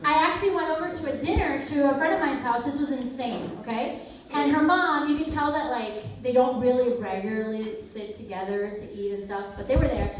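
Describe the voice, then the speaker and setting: A woman with a high voice tells stories with a lot of life, acting out the people in them and laughing along the way. The sound comes from well off the mic in a heavily echoing hall. There is a faint hiss behind her. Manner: animated, acts out quoted people, laughs often. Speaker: speaker at a campus ministry talk. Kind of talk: lively storytelling talk. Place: hall at a university ministry center. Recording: very echoey hall, mic far off.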